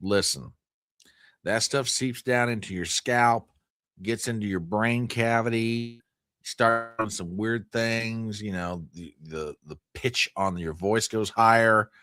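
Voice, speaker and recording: A man's voice: lowish voice, fairly even intonation, slow pace, bright, forceful tone, no echo. A man hosting a live news stream, joking with his chat in exaggerated mock outrage. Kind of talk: joking livestream commentary.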